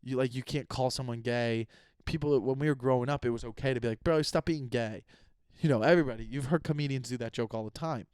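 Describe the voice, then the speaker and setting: A man's voice: mid-range voice, quick pace, a little mellow, clear, resonant tone, dry recording, clean studio sound. A young man hosting his own podcast, rambling casually with self-mocking humor and frequent cursing. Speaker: podcast host and comedian. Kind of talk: casual solo podcast monologue.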